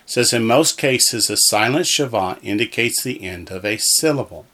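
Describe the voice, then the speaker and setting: A man's voice: mid-range voice, animated, moderate pace, sharp tone. A man teaching a recorded Hebrew lesson from a textbook, patiently repeating each word so learners can echo it. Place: alone in a room, talking to the wall.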